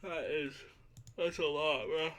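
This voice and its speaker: A man's voice: fairly high pitch, steady tone, slow, fairly bright tone. A man co-hosting a stream, chatting in a laid-back, slangy way. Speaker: co-host on stream. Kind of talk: casual chat.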